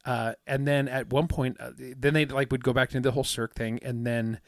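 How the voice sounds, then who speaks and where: A man's voice: mid-range voice, little pitch movement, brisk, no echo, studio quality. A man co-hosting a podcast, telling a long story in a rambling, casual way with many fillers and acted-out quotes. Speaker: podcast co-host. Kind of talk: casual chat.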